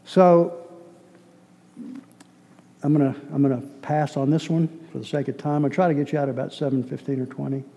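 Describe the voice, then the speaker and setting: A man's voice: medium pitch, fairly even intonation, moderate pace, creaky, pauses often, mellow. A man from Boston teaching a sermon-style lesson from slides, talking conversationally, repeating words and quizzing his listeners. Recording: long hall reverb.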